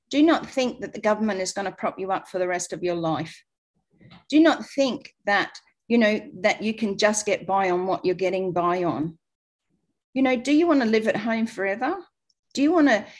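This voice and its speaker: A middle-aged Australian woman with an Australian accent, hosting a webinar and giving a blunt, emphatic sales pitch over a video call. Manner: blunt, emphatic, talks straight to listeners. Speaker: webinar host.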